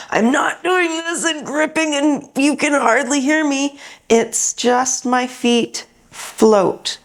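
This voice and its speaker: Calm female instructor, unhurried delivery, guided exercise, frequent check-ins. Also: medium pitch. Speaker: movement therapist.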